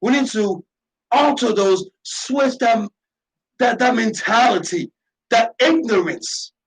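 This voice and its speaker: A man's voice: very high voice, slow pace, low-quality recording. A man hosting a radio talk show, delivering an impassioned, preachy monologue with lots of repetition and emphasis.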